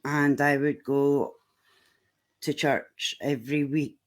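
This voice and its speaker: A woman from Scotland with a Scottish accent, a guest giving friendly, unhurried replies in a casual podcast interview. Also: low-pitched, steady tone. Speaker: guest, psychic medium.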